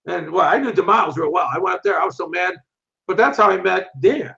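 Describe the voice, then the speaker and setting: An older man in his sixties with a high, gravelly voice tells stories in an interview. He is blunt and swears freely. The audio sounds dull and lo-fi. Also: fast talker, sharp tone. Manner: blunt and profane, quotes people in his stories. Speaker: martial arts instructor, interview guest. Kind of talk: storytelling in an interview.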